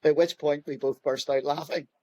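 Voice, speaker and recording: A man's voice: fairly high pitch, steady tone, normal speed, dark tone, no room sound. A middle-aged man, a police commissioner, telling stories in an interview in a conversational way, with frequent fillers and restarts. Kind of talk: anecdotal interview storytelling.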